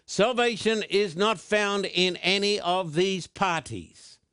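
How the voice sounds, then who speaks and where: A man preaching a broadcast sermon, stressing words slowly and emphatically. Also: sits high, fairly bright tone, clean tone, no echo, studio quality.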